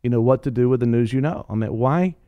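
A man co-hosting a Christian talk show, rambling and joking, with many fillers and restarts and animated storytelling. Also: mid-range voice, fast talker, smooth, no room sound, highs cut off. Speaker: co-host.

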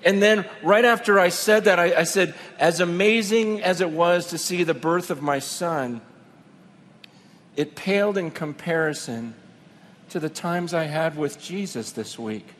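A middle-aged man preaching a sermon, telling a personal story with emotion, dropping to a hush and then building to fervent emphasis. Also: high voice. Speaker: pastor.

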